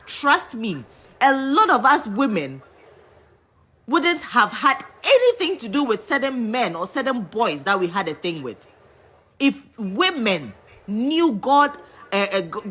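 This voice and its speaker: A Ghanaian woman rants at full force, her voice husky yet bright and edged. Her pitch leaps and falls as she scolds, repeating her insults for emphasis. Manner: scolding, repetitive, switching between English and Twi. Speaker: vlogger. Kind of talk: heated rant to camera.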